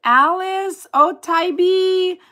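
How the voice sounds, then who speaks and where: A woman chatting casually with viewers on her livestream, animated and exclaiming as she reads comments aloud. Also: extremely high pitch, very slow. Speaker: dog groomer hosting a livestream.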